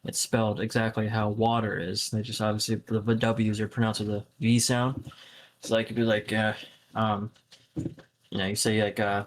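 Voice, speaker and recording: Young male co-host, low and level voice, rambling casual talker, heavy on fillers and swearing. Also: little pitch movement, normal speed. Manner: rambling, full of fillers and profanity. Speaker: podcast co-host. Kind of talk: casual chat.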